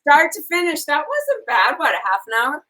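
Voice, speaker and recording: A woman co-hosting a casual cooking show from her home kitchen over a video call, chatty and quick to giggle as she narrates each step. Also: sits high, wildly swooping pitch, pushed and bright, a little hiss or hum, low-quality recording. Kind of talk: casual chat while cooking.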